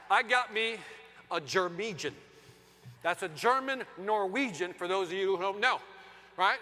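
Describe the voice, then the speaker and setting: A middle-aged man gives a comic keynote, swinging between loud bursts and hushed asides on a conference stage. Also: high-pitched, normal speed, slight background noise. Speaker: keynote speaker. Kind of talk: comedic keynote storytelling. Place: large conference hall stage. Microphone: stage microphone. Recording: long reverb of a large hall.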